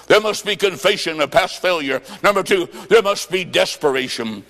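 A man delivers a revival sermon with a dramatic, rhythmic cadence and sudden shouted bursts. His voice sits fairly high. It rings out with a long hall reverb. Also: animated, moderate pace, hardly any pauses. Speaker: revival preacher. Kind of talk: sermon with storytelling.

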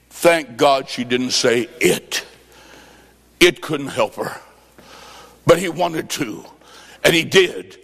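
A man preaching a revival sermon, telling a story and then calling people to prayer, with dramatic swings from quiet lines to shouting. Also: a little high, creaky. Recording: long hall reverb.

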